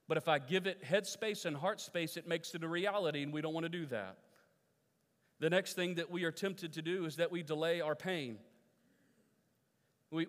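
A male pastor with a somewhat high, slightly bright voice preaches a sermon to his congregation, asking them questions and repeating his phrases. He's in a church sanctuary, and the recording carries the long reverb of a church hall.

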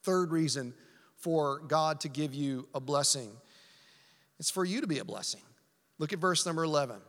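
A man's voice: fairly high pitch, normal speed, fairly bright tone. A man preaching a sermon as pastor, emphatic and repetitive, asking rhetorical questions. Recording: long hall reverb.

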